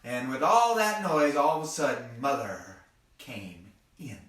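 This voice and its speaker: A man's voice: medium pitch, sing-song, unhurried, a bit bright. A man telling a story to children in a playful, folksy way, talking to the kids directly as he goes. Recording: echoey room, mic far off.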